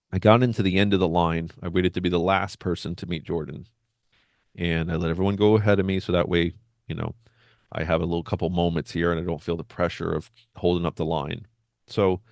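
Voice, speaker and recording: Brief: low-pitched male storyteller, conversational monologue, dry close recording. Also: dry recording. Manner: animated retelling with acted-out quotes. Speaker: benzo recovery coach.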